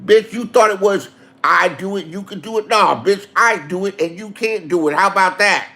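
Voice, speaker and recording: A man acting out a boastful hothead who barks profane threats and bosses everyone around. His voice sits a little high and gravelly. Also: moderate pace. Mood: furious. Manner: profane, shouting threats, domineering. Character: brash threatening adult man, hot-tempered and boastful.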